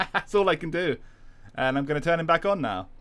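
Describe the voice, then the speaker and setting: A man's voice: fairly high pitch, lively intonation, moderate pace, fairly bright tone. A man streaming a retro racing game, chatting casually and laughing at his own setup troubles. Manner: chatty, self-deprecating, laughs often. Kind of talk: casual gameplay livestream chat.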